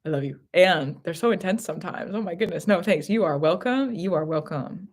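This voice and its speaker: A woman's voice: lowish voice, lively intonation, fairly quick. A woman giving a live psychic reading from home, intense and repetitive, breaking into bursts of laughter. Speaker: tarot reader. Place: home living room.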